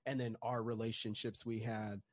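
A man's voice: on the low side, level tone, normal speed, dry recording. Reflective man in a dry close sound. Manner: thoughtful, many fillers like "you know". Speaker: podcast guest. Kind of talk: casual reflective conversation.

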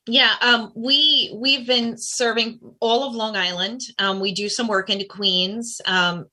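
A woman who runs a small nonprofit, answering interview questions in an earnest, measured way. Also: on the high side, fairly even intonation, pushed and bright. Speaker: nonprofit founder. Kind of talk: interview guest.

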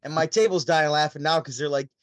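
A man from Syracuse, New York, telling stories as a podcast guest over a remote call, chatty and animated. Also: fairly high pitch, fast, no room sound. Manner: chatty, animated, with frequent restarts. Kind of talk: casual storytelling.

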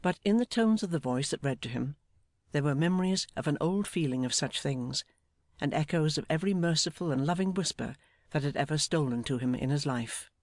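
A man's voice: fairly high pitch, brisk, no echo, clean studio sound. Earnest male audiobook narrator.

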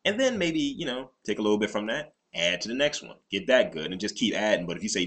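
A man's voice: fairly low pitch, lively intonation, fast talker, fairly bright tone. A man co-hosting a podcast in casual chat, rambling and often restarting his sentences. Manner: rambling, restarts a lot, laid-back. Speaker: podcast co-host.

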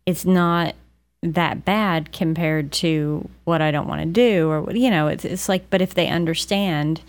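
A woman in her thirties co-hosts a casual parenting podcast. Her voice is somewhat low for a woman, and she speaks in a relaxed, conversational way. She backs up her co-host's points with examples of her own. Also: unhurried. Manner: conversational, supportive, frequent agreeing murmurs. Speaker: podcast co-host.

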